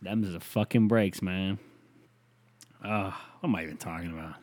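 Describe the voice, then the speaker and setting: A young man ranting comically, crude and rambling, swearing often with loud bursts. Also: low voice, moderate pace. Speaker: comedian. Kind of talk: profane comic rant.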